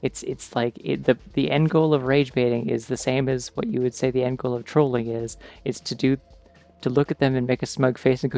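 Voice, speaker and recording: A male streamer talks casually over his gameplay, drifting from thought to thought with plenty of filler words. His voice is gravelly, with a bit of vocal fry. Soft game music plays faintly underneath. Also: medium pitch, fairly even intonation, a little fast. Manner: rambling, digressive, many "like" fillers. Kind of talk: casual chat while gaming.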